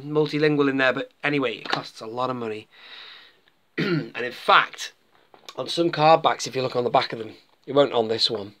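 Male collector-reviewer, bright forceful tone, loose rambling chat to viewers. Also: a little high. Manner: rambling, chatty, addresses viewers as folks. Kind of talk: casual toy review.

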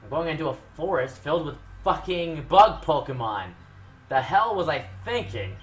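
A young man commentating his own gameplay with heavy swearing, shifting from low mutters to loud outbursts. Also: big pitch swings, normal speed, soft background music. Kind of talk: Let's Play commentary.

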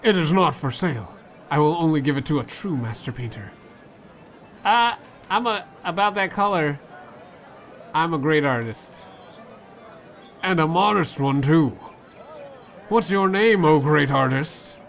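A man's voice: fairly high pitch, lively intonation, measured pace, gravelly, long pauses, a bit bright. A man playing a story game, reading its dialogue aloud in a playful way and switching voices for the characters. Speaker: let's play gamer.

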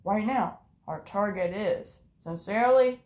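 A woman's voice: mid-range voice, measured pace, a little mellow, echoey room, close to an everyday voice. A woman voicing a gloating male zebra mad scientist in an amateur audio drama. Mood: scheming. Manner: smug, taunting.

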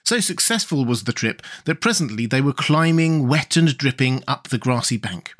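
A man reading a children's fantasy storybook aloud as an audiobook narrator, measured and expressive. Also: medium pitch.

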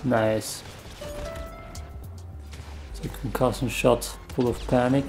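Low-key gravelly man gaming. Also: flat delivery, slow. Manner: mumbling, self-deprecating play-by-play. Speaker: gamer. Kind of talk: casual gameplay commentary. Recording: faint music underneath.

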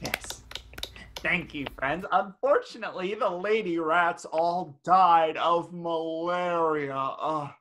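A man playing a filthy, manic male rat who hosts a game show, with hammy, crude delivery and shouted cackling lines in a comedic stage play. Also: on the high side, slow pace, a little hiss or hum. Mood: manic showman.

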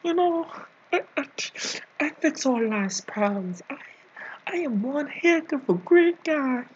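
Heavily acted and animated, a man's very high voice moves at a slow pace on a muffled recording. He's a video creator improvising a comedy rant as a scolding, bossy nanny, rambling, teasing and breaking into sudden whispers.

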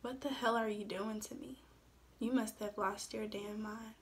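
A woman reading the lines of a furious wife who shouts back in a story read aloud. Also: medium pitch, fairly even intonation, moderate pace, lightly acted.

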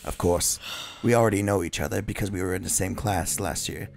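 A man reading game dialogue aloud as an eerie, self-aware teenage girl who is the club president, in a soft, low, creepy voice. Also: steady tone, fairly quick, creaky, slight background noise. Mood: creepily intimate.

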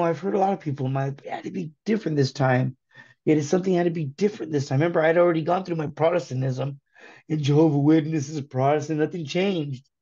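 A man in his thirties from California giving a candid personal testimony, earnest and halting, often restarting his sentences. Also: a little high, warm tone, dull audio. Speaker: guest telling his conversion story.

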